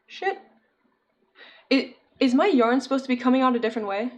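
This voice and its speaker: A woman's voice: sits high, lively intonation, brisk. A young woman chatting casually with her viewers while she crochets, giggling often and answering chat. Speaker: streamer.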